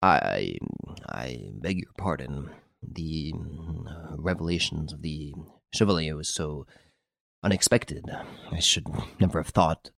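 A man reading an audiobook, voicing a proud, excitable middle-aged count who turns petulant and stammering. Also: sits low, normal speed, no echo, clean studio sound. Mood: shaken. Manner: petulant, then stammering and shaken.

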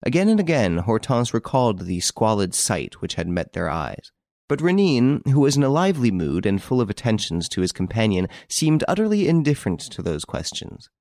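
A man reads a classic novel aloud with a fairly low voice and a lively, animated storytelling manner. The close, dry recording leaves no room sound at all. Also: normal speed, no echo. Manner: expressive, varied storytelling delivery. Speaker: audiobook narrator. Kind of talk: scripted narration.

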